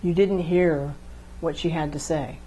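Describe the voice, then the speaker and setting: A woman gives a talk on how couples communicate. She keeps it casual and conversational, and she acts out quick exchanges between partners to show each point. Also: low voice, fairly even intonation, mellow, dull audio, slight background noise. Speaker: relationship speaker.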